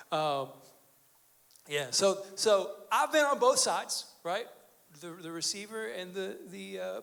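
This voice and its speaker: A man preaching a sermon in a church, loose and conversational, with plenty of "like" and "um" as he tells a family story. His voice sits high for a man. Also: a bit bright. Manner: conversational, joking storytelling with fillers. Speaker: pastor. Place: church sanctuary.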